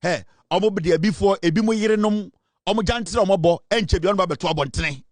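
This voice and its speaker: A man's voice: high voice, fairly quick, no room sound. A man with a Ghanaian accent giving emphatic, dramatic political commentary, switching between Twi and English.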